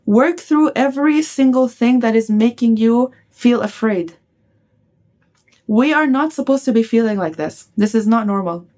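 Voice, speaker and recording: Fairly high-pitched yet darkish in tone, a woman talks casually to her viewers with blunt self-help advice. She curses freely and regularly pauses to ask "okay?" in this motivational chat.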